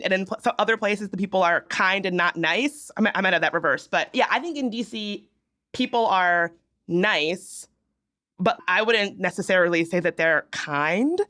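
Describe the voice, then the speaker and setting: A woman's voice: mid-range voice, sharp tone. A young woman from the American South co-hosting a podcast, chatting casually and explaining with humorous asides. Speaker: podcast co-host. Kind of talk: casual chat.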